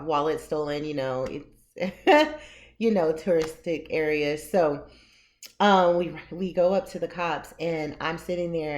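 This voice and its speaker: A woman with a lowish voice tells a personal story straight to camera. Her manner is casual and lively, and laughter slips in often as she goes. She sounds like a vlogger sharing her own memories. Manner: animated, laughs often while telling the story. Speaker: vlogger and memoir author.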